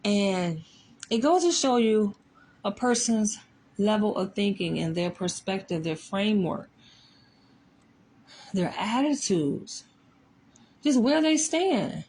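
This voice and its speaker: A woman's voice: medium pitch, animated, slow pace, pauses often, darkish tone, breathy edge. A woman psychologist talking casually and emphatically, often tossing in rhetorical asides. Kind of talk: casual commentary.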